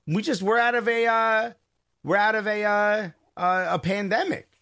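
A man co-hosting a live streamed football chat show, talking fast and emphatically and asking his co-host pointed hypothetical questions. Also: high-pitched, steady tone, sharp tone, clear, resonant tone.

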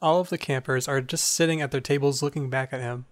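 A man's voice: medium pitch, fairly even intonation, quick pace. Man, game master, tabletop narration, matter-of-fact, plain delivery.

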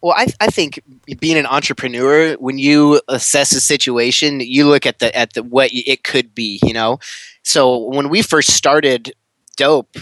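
A man, a magazine co-founder, talking casually in a podcast interview, lively and full of restarts. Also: medium pitch, measured pace, no echo, poor audio. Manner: animated storyteller with many restarts. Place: podcast recording.

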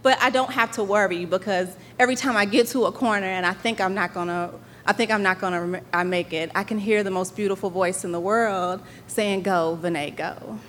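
A woman telling a personal story live on stage before an audience, animated and laughing as she acts out dialogue. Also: mid-range voice, brisk, hardly any pauses, noisy background.

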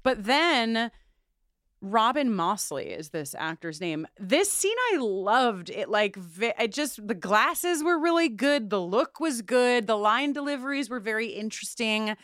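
Her voice sits on the high side, smooth and measured, recorded at studio quality with no echo. As a podcast co-host recapping a TV episode, she chats casually, swears freely and retells scenes with animated, acted-out lines from the show.

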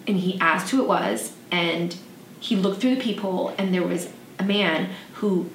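A woman hosting a podcast, telling a personal story in a soft, reflective way with frequent fillers. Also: fairly low pitch. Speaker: podcast host. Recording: echoey room, slightly distant mic, faint noise.

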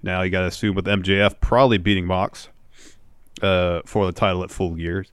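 Male podcast co-host, lowish voice, dry close sound, steady blow-by-blow recapper. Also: fairly quick, smooth, dry recording. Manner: steady play-by-play recap of matches. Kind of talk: casual show review chat.

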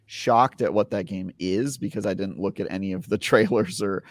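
Rambling low-voiced man, dry sound. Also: moderate pace, no room sound. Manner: rambling, restarts his sentences often. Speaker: podcast co-host. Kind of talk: casual chat.

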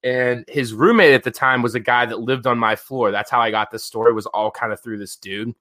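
A man in his thirties hosting a podcast, telling stories in a casual, profane, animated way, full of filler words. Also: mid-range voice, fairly quick. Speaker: podcast host. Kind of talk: casual storytelling chat.

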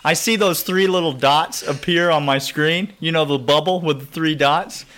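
A man's voice: on the high side, normal speed, a bit bright. A man co-hosting a sports podcast in casual chat, ribbing the others with mock outrage and wrapping up segments. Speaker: podcast co-host.

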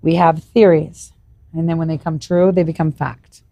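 A woman's voice: low-pitched, level tone, normal speed, vocal fry, dark tone, no echo, muffled recording. A woman chatting and joking as a guest on a podcast, laughing often. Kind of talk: casual chat.

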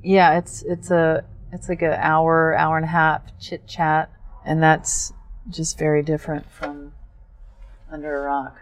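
A middle-aged woman telling stories in a dry, understated way, pausing often on ums in casual chat. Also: deep voice, flat delivery, low-quality recording. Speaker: guest.

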